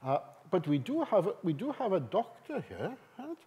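A man giving a conference seminar talk. He is emphatic and lively and often turns questions to the audience. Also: high-pitched, moderate pace. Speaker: seminar speaker. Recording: live talk in a hall.

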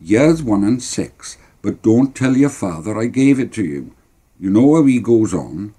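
A man voicing a kindly mother who gently scolds her son in a brisk way. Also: on the low side, very animated, husky, full character voice. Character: kindly working-class mother.

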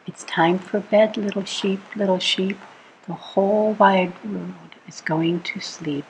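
A woman reading a bedtime picture book aloud to children, gentle and soothing, asking the listener little questions as she goes. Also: mid-range voice, steady tone, takes it slowly, creaky, slight background noise, low-quality recording. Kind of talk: read-aloud storytime.

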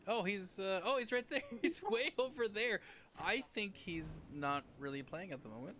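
A man's voice: high-pitched, animated, moderate pace, crowd noise. A man from Ontario, streaming a game and chatting casually, rambling with many fillers and restarts. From Canada, Ontario. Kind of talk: casual gaming chat.

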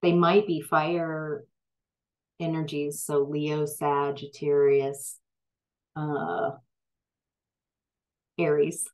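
Low-voiced lady doing a tarot reading, slow, lots of ums and restarts. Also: little pitch movement, rough recording. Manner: slow, hesitant, with many fillers and restarts; gets emphatic when frustrated. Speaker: tarot reader.

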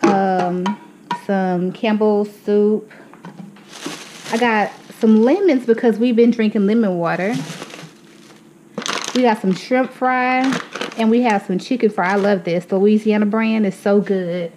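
A woman's voice: mid-range voice, unhurried, pauses often, background noise. A young woman showing her grocery haul at home, chatty and calling her viewers y'all, a little out of breath. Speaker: vlogger. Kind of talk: casual grocery haul walkthrough. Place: home, indoors.

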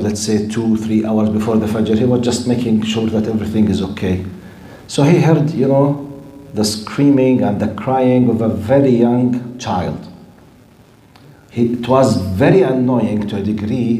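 A man's voice: medium pitch, dark tone, reverberant, rough recording. A male lecturer teaching Islamic history to a live class, often asking the audience questions and using Arabic terms. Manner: keeps quizzing the audience, drops in Arabic terms. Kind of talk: recorded lesson to a live class.

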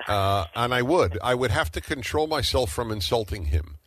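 A man's voice: mid-range voice, big pitch swings, normal speed, a bit bright. A middle-aged man hosting a talk radio show, arguing emphatically and firing off rhetorical questions.

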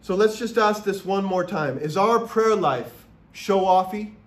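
A man with a high voice preaches to his congregation in a slow, deliberate cadence. He is earnest and emphatic, leaning on rhetorical questions. The sound rings in a roomy church sanctuary. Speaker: pastor. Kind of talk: sermon.

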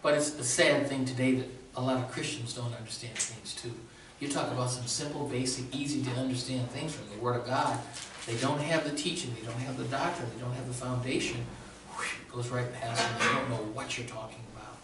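A man's voice: mid-range voice, fairly even intonation, fairly quick, noisy background. A male pastor preaching a sermon in a conversational way with a sore throat, often checking in with the congregation. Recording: very echoey room, distant mic.

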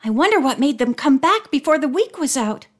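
A woman's voice: sits high, very animated, pitched above the performer's own voice. A woman reading an audiobook, voicing an eager, restless teenage girl. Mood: excited. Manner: eager, quick to complain.

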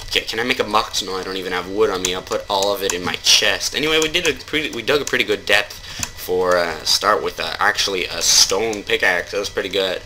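A man's voice: low voice, quick pace, sharp tone, slight background noise, rough recording. Joking man narrating his game. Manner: rambling, jokey, keeps taking things back. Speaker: gamer. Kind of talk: casual let's-play commentary.

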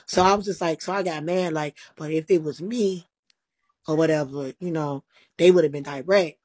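A woman with a husky, somewhat low voice tells a long story as a talk-show guest. She talks casually and with energy, swears freely, and keeps acting out what everyone said. There is a worn-out tiredness under it. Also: moderate pace, no echo, low-quality recording. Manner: animated, profane retelling full of quoted dialogue.

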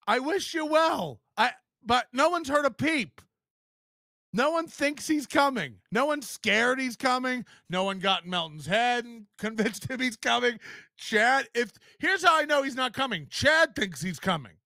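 A man's voice: extremely high pitch, animated, unhurried, pushed and bright, no room sound, clean studio sound. A man hosting a podcast, ranting in mocking disbelief and laughing often as he reacts to clips. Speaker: podcast host.

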